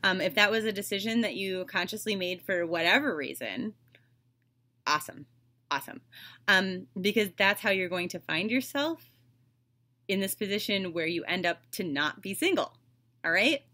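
A woman's voice: mid-range voice, lively intonation, moderate pace, bright, forceful tone. A woman giving a casual tarot reading, chatty and loose, with lots of "like" and "um" fillers. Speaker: tarot reader.

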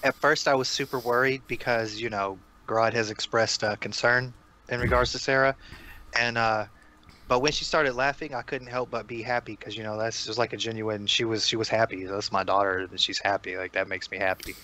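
A man's voice: mid-range voice, fairly even intonation, moderate pace, pushed and bright. A man playing in a tabletop game, chatting casually and easygoing, laughing often. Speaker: player.

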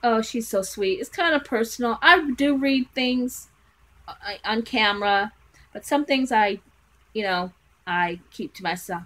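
A woman's voice: fairly high pitch, animated, measured pace, fairly bright tone, low-quality recording. A woman vlogging from her bedroom as she unboxes a craft parcel, gushing with gasps and exclamations. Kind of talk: casual unboxing vlog. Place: at home in a bedroom.

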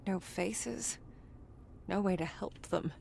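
A woman's voice: medium pitch, slow pace, creaky, noisy background. A woman voicing a grim adult medium in a video game, muttering dry asides to herself. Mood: wary. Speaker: game protagonist.

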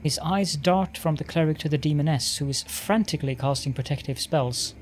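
A man's voice: fairly high pitch, a little fast, few pauses, a little hiss or hum. Man narrating a game's story text. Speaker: let's play narrator. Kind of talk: reading game text aloud.

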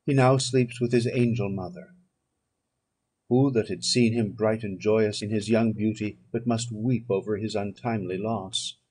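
Husky-voiced young male friend in an audiobook, earnest and consoling, read by a man. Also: on the low side, fairly even intonation, moderate pace, darkish tone. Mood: sorrowful.

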